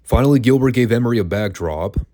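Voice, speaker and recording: A man's voice: mid-range voice, expressive, fast, warm tone. A man hosting a wrestling podcast, reviewing old matches in a casual, dry and sarcastic way.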